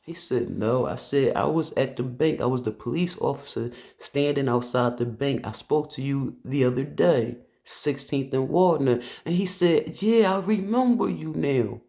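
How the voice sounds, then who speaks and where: A man's voice: medium pitch, normal speed, gravelly, hardly any pauses, darkish tone. A man who works as a police officer, telling a personal story to camera in an earnest, conversational way with loose phrasing and restarts.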